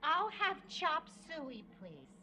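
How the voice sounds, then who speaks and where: An actress playing a sweet, guileless middle-aged housewife in a 1970s sitcom, speaking plainly and simply. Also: female voice, sits high, very animated, pushed and bright, heavily acted. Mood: plain, meek. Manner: slow, plain-spoken, guileless. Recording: noisy sitcom audio with laugh track.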